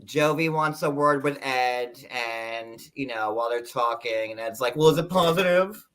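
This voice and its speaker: Bright-voiced woman. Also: rumbling low, steady tone, unhurried. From Long Island, New York. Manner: rambling, many fillers, frequent laughter. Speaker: recap podcast co-host. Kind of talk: casual chat.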